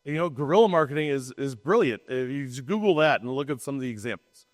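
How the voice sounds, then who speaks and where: A man's voice: mid-range voice, animated, fast, in a large hall. A man co-hosting a podcast in casual chat, talking in a rambling, emphatic way and often restarting his sentences. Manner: rambling, self-interrupting, emphatic. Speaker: podcast co-host.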